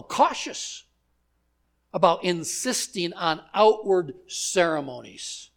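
Slow, emphatic male preacher. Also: a little high. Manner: measured, emphatic preaching with deliberate pauses, ending in prayer. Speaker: pastor. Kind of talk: sermon. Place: church gathering.

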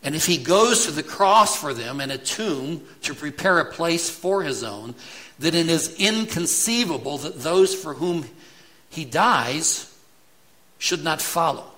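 A male pastor preaching a sermon in a slow, deliberate rhythm. His voice is bright and forceful, and he drives his points home with emphatic rhetorical questions. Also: fairly high pitch, expressive, rough recording.

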